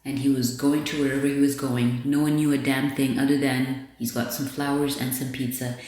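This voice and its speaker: With an extremely low pitch, a level tone, and a slightly fast, somewhat mellow delivery, a woman hosts a podcast full of blunt, candid talk and frequent swearing. It's a casual monologue in a very echoey room.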